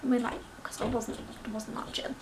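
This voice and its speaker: Gushing high-voiced young woman. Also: steady tone, brisk, background noise. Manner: breathless, gushing, acts out quoted voices. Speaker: vlogger. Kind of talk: excited storytelling.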